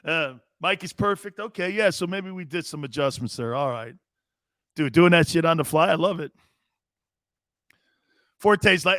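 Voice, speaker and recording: Excitable high-voiced male sports show host. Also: dry recording, studio quality. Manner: loud, jokey and profane, laughs often; rapid, excitable banter. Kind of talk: live sports talk show, reading viewer chat.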